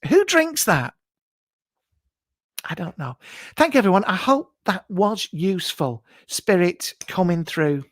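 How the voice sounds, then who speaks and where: A man's voice: extremely high pitch, no echo, full character voice. A man playing a brash, camp middle-aged male TV psychic, blunt and rude, hosting a live show from a home garage. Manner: blunt, rude, mock-mystical, shouts greetings. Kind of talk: comic improvised live stream.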